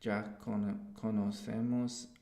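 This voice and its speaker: Slow, gravelly-voiced man in an echoey room. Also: lowish voice, little pitch movement, mellow. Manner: slow, hesitant, with fillers. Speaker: streamer learning a language. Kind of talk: casual live stream commentary. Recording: roomy echo.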